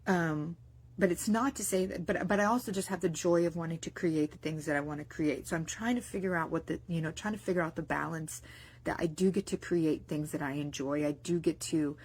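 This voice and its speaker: A woman's voice: low-pitched, brisk, darkish tone, breathy edge. A woman vlogger talking in a casual, rambling spoken-diary monologue, with many restarts and fillers. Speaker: mindset vlogger and business owner.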